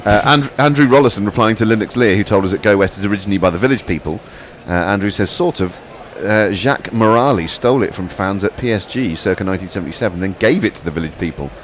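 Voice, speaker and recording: Dry, jokey co-host, deep voice. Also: male voice, quick pace, hardly any pauses, a little hiss or hum. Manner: dry, jokey, sardonic asides. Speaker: cricket radio co-host reading listener messages. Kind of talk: casual live commentary chat.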